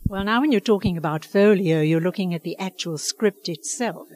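In a conversational interview, an older woman who coaches dialects speaks earnestly and emphatically, passionate about what she does. Her voice is fairly low-pitched with a darkish tone, delivered at a moderate pace.

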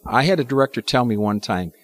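A man interviewing a guest, asking questions in a halting way with restarts. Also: mid-range voice, animated. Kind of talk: conversational interview.

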